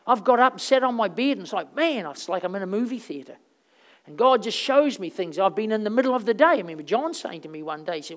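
A woman preacher telling stories through her sermon in a loose, rambling way. She talks casually, with plenty of fillers. Her voice swings from loud bursts down to quiet asides. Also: medium pitch, fast talker. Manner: conversational, rambling storytelling with fillers; animated, swings between loud and soft.

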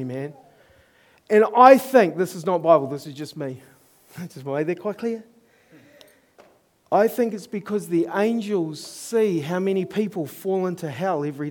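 This sermon comes from a middle-aged man with a New Zealand accent whose voice is noticeably high. Earnest and story-driven in his preaching, he laughs at his own mishaps.

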